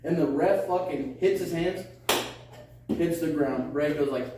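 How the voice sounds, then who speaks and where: Casting: young man, high voice, profane and quick, noisy echoey room. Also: distant mic. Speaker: podcast co-host. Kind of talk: casual drinking chat.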